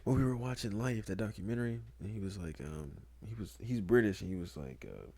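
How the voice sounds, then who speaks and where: A young podcast co-host chats casually in a lowish voice, talking a little fast as he rambles, cracks jokes, and bursts into loud laughter. The recording has no echo.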